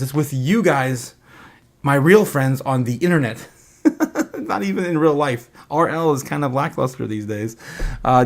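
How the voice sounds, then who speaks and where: Excitable giggly male livestream host. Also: medium pitch. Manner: excitable, laughs often, stammers and repeats himself. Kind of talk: excited live stream chat.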